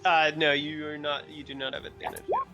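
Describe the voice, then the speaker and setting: A man narrating as game master of a tabletop game, relaxed and halting, with many fillers. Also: fairly high pitch, lo-fi sound, music in the background.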